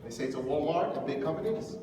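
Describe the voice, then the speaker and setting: A man giving an animated lecture to young people, acting out the voices of the people he quotes. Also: on the high side, fast talker. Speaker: imam giving a youth lecture. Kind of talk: lively motivational lecture. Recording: echoey hall from far off, faint noise.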